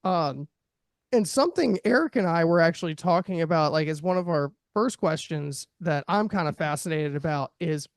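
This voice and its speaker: A man hosting a casual podcast interview, chatty and quick to laugh, with loose, filler-heavy phrasing. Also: a little high, animated, no room sound, studio quality. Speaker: podcast host.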